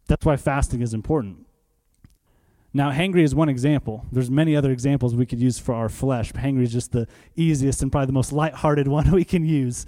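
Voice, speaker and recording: A man's voice: fairly high pitch, a little fast, mellow. A man preaching a sermon to a congregation, asking questions and answering them himself, repeating key phrases for emphasis. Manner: conversational, asks the room questions and answers them.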